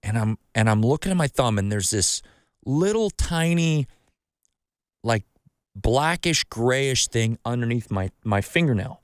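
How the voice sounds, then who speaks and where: With a clear, resonant, mid-range voice, a podcast host tells an animated but measured story that wanders and is full of profanity. He dramatizes quotes of himself, recorded as clean studio sound without echo.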